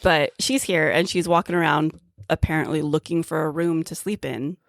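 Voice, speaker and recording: A woman co-hosting a podcast, chatting casually about a film and often pausing with "um" and "like". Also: deep voice, fairly even intonation, creaky, no room sound, studio quality. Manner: chatty, hesitant with "um" and "like". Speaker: podcast co-host. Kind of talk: casual chat recapping a film.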